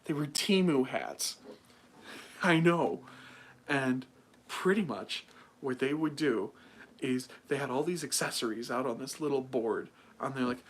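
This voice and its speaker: Animated young man rambling on a livestream. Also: mid-range voice, unhurried. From United States. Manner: animated, mocking, rambling with many fillers. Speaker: livestream host. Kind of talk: casual livestream chat.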